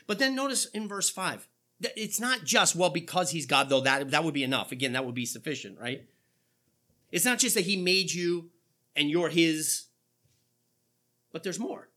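A male pastor preaching a sermon, asking rhetorical questions and quoting scripture with animated delivery. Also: on the high side, normal speed, long pauses.

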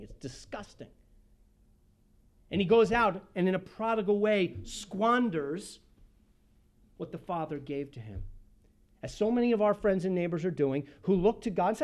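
A pastor preaching a sermon, swinging from loud emphasis to hushed, almost whispered passages and acting out the people in the story. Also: mid-range voice. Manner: acts out the voices of the people he describes.

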